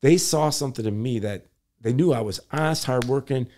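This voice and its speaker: A man's voice: medium pitch, fairly quick, mellow. An older man, a former city planner, telling a long story in an interview and acting out the people he quotes.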